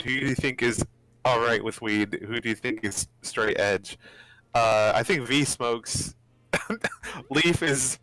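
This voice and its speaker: A man's voice: medium pitch, fairly bright tone, low-quality recording. A man hosting a let's play, chatting casually and laughing as he rambles about the game. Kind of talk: casual gaming chat.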